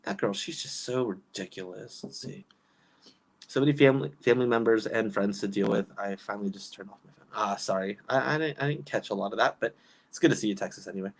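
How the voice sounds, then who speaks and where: A woman's voice: a bass voice, fast talker. A woman doing casual livestream commentary, reading chat and ranting in an exasperated way with frequent laughs.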